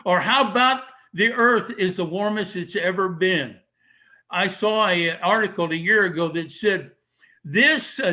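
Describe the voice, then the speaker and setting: An older man speaking to an audience in a high, bright voice. He talks emphatically and argumentatively, posing questions and knocking them down himself. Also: low-quality recording. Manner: emphatic, argumentative, asks and answers his own questions. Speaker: speaker giving a talk. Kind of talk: public speech to an audience.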